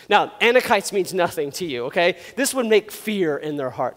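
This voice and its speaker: A man preaching a sermon as a pastor, animated and joking, acting out quotes as he goes. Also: extremely high pitch, brisk, few pauses, big-room sound.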